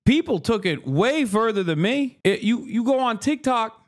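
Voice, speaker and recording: A man riffing through heated livestream commentary in a fairly high voice. He swears freely and turns sarcastic, slipping into mocking impressions of other people. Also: animated, moderate pace.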